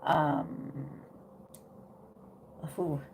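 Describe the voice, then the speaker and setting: A woman's voice: extremely slow, darkish tone, a little hiss or hum. A woman giving a casual tarot reading, thinking aloud with many fillers and frequent "okay?" check-ins. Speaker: tarot reader.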